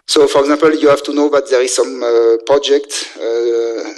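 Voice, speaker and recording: Halting male lecturer. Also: mid-range voice, fairly even intonation, darkish tone, rough recording. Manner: halting, frequent filler sounds and restarts. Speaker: university lecturer in electrical engineering. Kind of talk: technical lecture.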